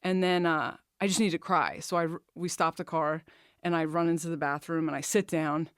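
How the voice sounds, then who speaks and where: A woman's voice: low-pitched, steady tone, brisk, smooth, dry recording, clean studio sound. A woman hosting a podcast, telling a candid, emotional personal story, swearing freely and talking openly about her feelings. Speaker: podcast host.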